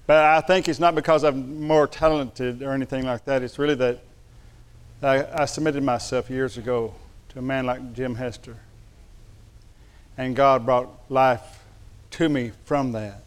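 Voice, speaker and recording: A man's voice: mid-range voice, steady tone, measured pace, clear, resonant tone. A middle-aged man preaching a sermon, telling folksy stories with humor. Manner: folksy storytelling with humor and Southern address. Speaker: pastor.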